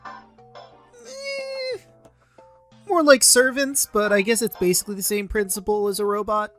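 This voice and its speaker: A woman's voice: medium pitch, expressive, a little slow, a bit bright, faint music behind. A woman hosting a let's play, chatting wryly and teasing the characters. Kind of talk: casual commentary with character voicing.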